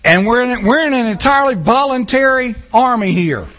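A man's voice: very high voice, expressive, brisk, a bit bright. A man preaching a sermon as pastor in his church, impassioned and talking back and forth with his congregation.

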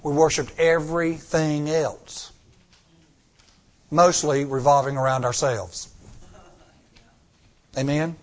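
A man preaching a sermon in an emphatic style, slowing down on key words and calling out to the congregation. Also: on the high side, level tone. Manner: emphatic, slows down on key words, call-and-response. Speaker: pastor.

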